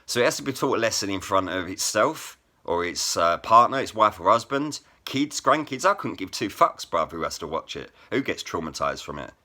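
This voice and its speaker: Brief: man, angry vlog rant, low voice, wildly swinging pitch, hard-edged and profane. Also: big pitch swings, normal speed, few pauses, pushed and bright. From England. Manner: blunt, heavily profane, repeats "bruv" and "innit". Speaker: vlogger and rap poet.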